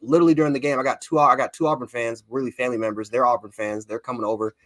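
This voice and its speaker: Here is a man from Buffalo, New York, co-hosting a casual sports talk show. He talks very quickly and excitably, often rambling, at an average pitch. The recording is close and dry. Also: no room sound. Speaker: co-host, fan panelist.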